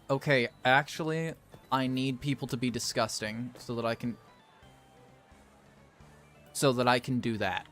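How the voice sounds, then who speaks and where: A man's voice: medium pitch, fairly even intonation, unhurried, pauses often, fairly bright tone, faint music behind. A man playing a game and commenting as he goes, theatrical and exasperated as he scolds the characters. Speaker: gaming video creator.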